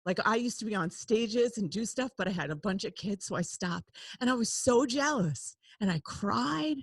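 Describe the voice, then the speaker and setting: Woman, podcast host, confessional, very lively pitch, laughs a lot, dry close sound. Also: normal speed, husky, no echo. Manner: animated, confessional, laughs often, swings from loud to hushed. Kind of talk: candid podcast conversation.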